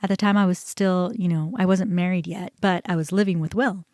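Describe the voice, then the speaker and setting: A woman's voice: fairly low pitch, fairly quick, no echo, studio quality. A woman hosting a podcast, telling a personal story in a candid, conversational way. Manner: candid, conversational, animated when recounting. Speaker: podcast host.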